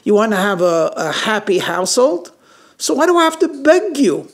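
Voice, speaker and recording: A man's voice: fairly high pitch, expressive, fairly quick, vocal fry, slightly rough, full character voice. A man voicing an exasperated wife who pleads with her husband in indignant rhetorical questions.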